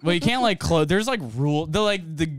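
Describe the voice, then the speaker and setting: A man telling a chaotic story in casual podcast chat, rambling and laughing, shouting out the quoted lines. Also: sits high, animated, brisk, clean tone, no room sound, clean studio sound.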